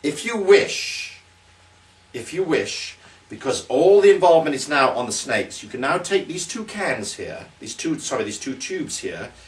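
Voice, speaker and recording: A man's voice: a little high, sing-song, measured pace, recorded from a distance. A British man, a magician, explaining a trick and then performing its showman patter in a theatrical, exclamatory way.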